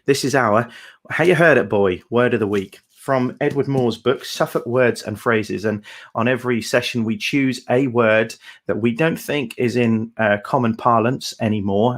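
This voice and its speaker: A man's voice: medium pitch, steady tone, moderate pace. A man co-hosting a folk song livestream, chatting casually in a rambling, hesitant way with many fillers.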